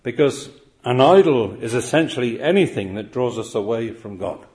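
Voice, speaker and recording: A man's voice: medium pitch, lively intonation, moderate pace, a little mellow. A man preaching a sermon, earnest and emphatic, often pressing his point with rhetorical questions.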